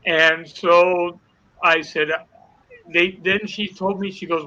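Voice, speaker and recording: A man's voice: sits high, steady tone, slow, pushed and bright, dull audio. Earnest older man telling his story. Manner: earnest storyteller acting out dialogue. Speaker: guest. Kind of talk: emotional personal testimony.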